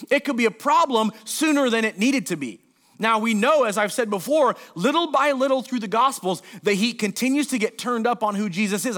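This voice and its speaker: Male pastor, high-pitched voice, sermon, scripture reading, casual joking asides. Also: fairly bright tone. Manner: reads scripture, then explains it with casual asides and put-on voices.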